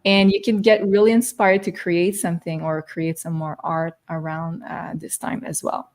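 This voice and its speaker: A woman's voice: fairly low pitch, normal speed. A woman hosting an astrology show, talking casually and loosely with frequent fillers. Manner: relaxed, searching, frequent fillers. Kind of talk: casual spiritual chat.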